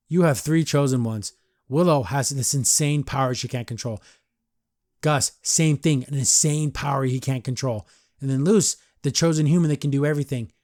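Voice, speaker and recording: A man's voice: mid-range voice, a little mellow, no echo, studio quality. Rambling man recapping a cartoon episode. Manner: rambling, heavy use of "like", acts out quotes. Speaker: podcast reviewer.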